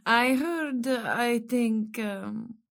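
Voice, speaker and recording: A woman's voice: a little high, very slow, creaky, full character voice. A woman with a Spanish accent playing a cold, elegant museum curator in her thirties, speaking in a cool, formal, cutting manner in a staged play reading. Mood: sardonic.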